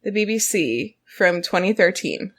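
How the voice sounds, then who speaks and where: Slow, lively woman co-host who giggles. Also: medium pitch. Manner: giggly, animated reactions. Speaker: podcast co-host. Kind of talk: casual chat.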